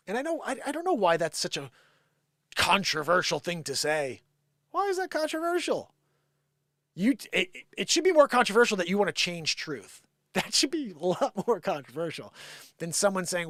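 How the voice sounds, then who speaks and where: A man on a live stream delivers a sarcastic rant with a lively voice that swings high and low. His voice sits a bit higher than most men's, and the sound is dry and close with no room echo. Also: normal speed, long pauses. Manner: animated, sarcastic, ranting. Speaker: live show host. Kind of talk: opinionated live-stream monologue.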